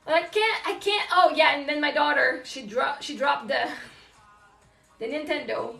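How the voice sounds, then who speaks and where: High bright-voiced mom venting on a live stream, swears a lot, kinda gravelly, roomy echo with faint music behind. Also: female voice, a little slow, distant mic. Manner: candid, swears a lot, laughs often. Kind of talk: casual live-stream chat. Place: home, folding laundry.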